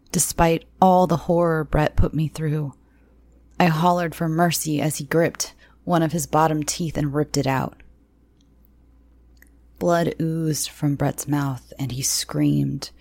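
A woman narrating dark first-person audio fiction in a slow, hushed, often near-whispered manner. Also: sits low, vocal fry, no room sound.

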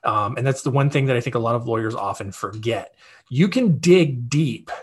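A man with a slightly husky, mid-pitched voice talks through practical tips in a loose, conversational monologue. He keeps it upbeat, scatters fillers, and often checks in with the listener. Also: animated, moderate pace. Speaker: podcast host. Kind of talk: casual advice monologue.

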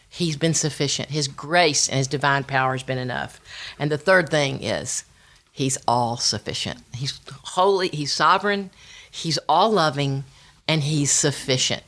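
A middle-aged woman giving a personal testimony talk, telling stories with quoted dialogue and bits of sung scripture. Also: deep voice. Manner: storytelling, animated with quoted dialogue and sung lines. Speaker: women's ministry speaker.

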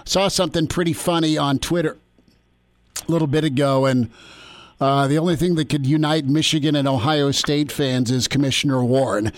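A man's voice: on the high side, steady tone, normal speed, dry recording. A man hosting sports talk radio, casual and joking, with many fillers. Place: radio studio.

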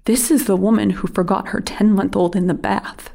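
Burnt-out woman paramedic, halting, confessional, mid-pitched, audio drama. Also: vocal fry. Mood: weary. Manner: halting, confessional, rising to frantic yelling. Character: burnt-out female paramedic, restless and unraveling. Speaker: paramedic Anna.

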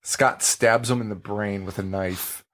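A man's voice: on the low side, a little slow. A man hosting a podcast, chatting casually about a horror movie, laughing and acting out scenes. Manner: animated, laughing, acts out movie lines. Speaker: podcast host. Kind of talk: casual movie review chat.

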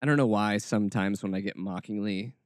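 A man hosting a podcast, giving sarcastic commentary in an animated, mocking way with lots of asides. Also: fairly low pitch, fairly quick, dry recording, clean studio sound. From American South.

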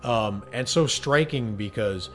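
Man, podcast co-host, casual discussion, enthusiastic, chatty, soft music behind. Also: medium pitch. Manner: enthusiastic, chatty, quick to laugh.

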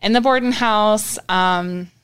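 A woman's voice: mid-range voice, takes it slowly, clean tone. A young woman co-hosting a podcast, telling a story in casual chat with lots of swearing. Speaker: podcast co-host.

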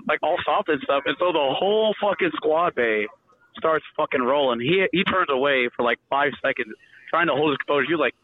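A young man telling rowdy stories in a casual, animated way, swearing and loudly acting out the voices of others. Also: on the high side, brisk, slight background noise. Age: young adult. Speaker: guest storyteller. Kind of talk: casual storytelling. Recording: tinny phone-line audio.

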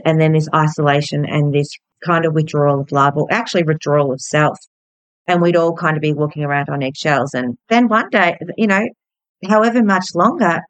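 Aussie woman in her 40s telling her own story, blunt and candid, a bit low-pitched, dry sound. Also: no room sound, low-quality recording. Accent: Australian. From Australia. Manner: candid, blunt, swears freely. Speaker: podcast host. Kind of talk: personal storytelling.

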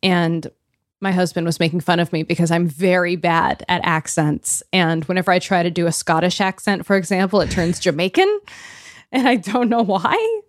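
A woman's voice: lowish voice, moderate pace, no room sound. Chatty woman podcast co-host, dry sound. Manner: chatty, laughs easily, self-deprecating. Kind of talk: casual book podcast chat.

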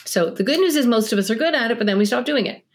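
An animated middle-aged woman talks as a guest on a parenting podcast. She explains with plenty of energy, moves quickly from point to point, and slips into little acted-out scenes between parents and children. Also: fairly high pitch. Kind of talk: podcast interview.

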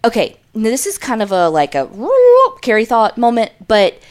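Animated storytelling woman co-host. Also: a little high, moderate pace. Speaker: podcast co-host. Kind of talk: casual true crime chat.

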